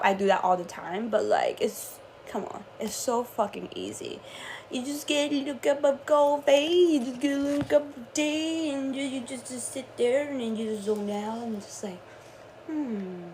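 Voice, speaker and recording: A young woman talking casually to her viewers, drifting between soft dreamy musing and laughing, swearing frustration. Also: a little high, slight background noise. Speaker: spiritual channeler vlogger.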